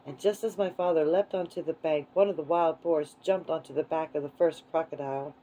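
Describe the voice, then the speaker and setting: A woman reading a children's book aloud in a gentle, unhurried way. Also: sits low, steady tone, rough recording. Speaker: storyteller.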